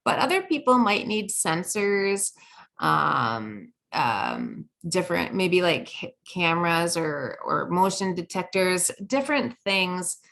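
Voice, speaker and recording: Middle-aged woman trainer, low-pitched, talks through a presentation loosely with lots of "um"s. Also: big pitch swings, slow, vocal fry, a bit bright. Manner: conversational, many fillers and restarts.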